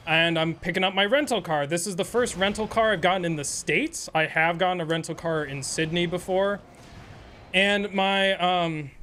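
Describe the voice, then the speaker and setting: A man's voice: on the high side, sharp tone, a little hiss or hum. A man streaming a game and telling a rambling, profane, sarcastic story in casual chat. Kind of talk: casual storytelling while gaming.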